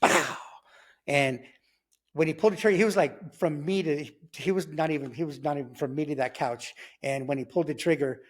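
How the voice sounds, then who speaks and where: Slangy man with a higher voice. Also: brisk. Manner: animated, slangy, acts out sounds like "boom" and "pow". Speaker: guest telling his testimony. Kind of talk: casual spoken storytelling.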